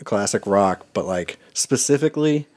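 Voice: deep voice, expressive, moderate pace, darkish tone. A podcast co-host trading dry, joking quips in casual chat.

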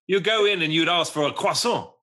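A man's voice: fairly high pitch, a little fast, sharp tone. A man co-hosting a casual chat, animatedly mimicking voices as he tells anecdotes.

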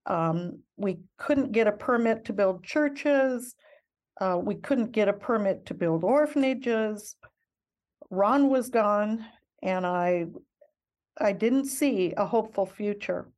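A woman's voice: medium pitch, slow pace, darkish tone. An older woman, a missionary guest in an interview, telling her story in an earnest, reflective and heartfelt way.

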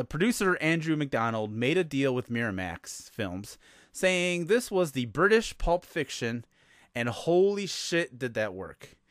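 A man's voice: medium pitch, no echo, clean studio sound. An American man hosting a podcast, telling the story in a casual monologue full of sarcastic asides. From United States. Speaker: podcast host.

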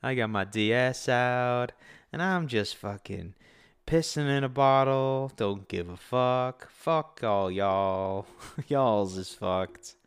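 A man doing an impression of a crude, laid-back man on a cruise ship, in a slow, lazy drawl. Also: mid-range voice, animated, clear, resonant tone, dry recording. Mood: careless.

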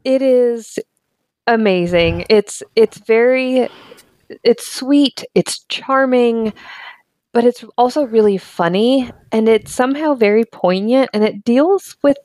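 A woman's voice: a little high, slow pace, a little mellow, dry recording. An American woman guest on a podcast, talking in an earnest, thoughtful way in casual chat.

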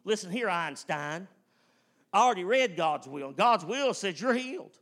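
A man preaching a fervent, emphatic sermon, swinging from loud whoops to hushed tones. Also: sits high, expressive, moderate pace. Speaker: pastor.

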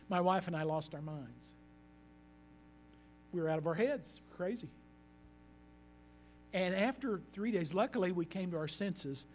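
A man as pastor, preaching a sermon with earnest storytelling that slows down for emphasis. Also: high voice, darkish tone, a little hiss or hum.

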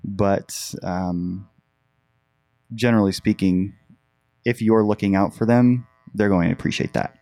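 A man co-hosting a podcast, speaking in a measured, thoughtful way during casual advice chat. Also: on the low side, steady tone, dark tone, no echo, clean studio sound. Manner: measured, thoughtful, with some fillers. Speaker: podcast co-host.

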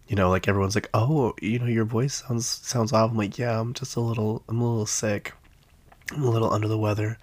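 A young man hosting a casual solo podcast, his voice rough from being sick, chatting in a rambling, self-mocking way. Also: lowish voice, dry recording. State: sick, hoarse-sounding voice. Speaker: podcast host.

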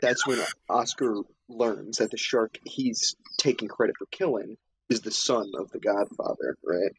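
A man's voice: fairly low pitch, measured pace, husky, rough recording. A man in a casual chat, recapping a film scene by scene and acting out the characters' lines as he goes. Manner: animated storytelling, acts out character lines.

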